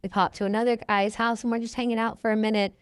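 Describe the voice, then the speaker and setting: Telling her story as a podcast guest, this twenty-something woman is chatty and casual, imitating the voices of people she quotes. She talks fast with a flat delivery, her voice on the high side, clean in tone, with no echo and clean studio sound.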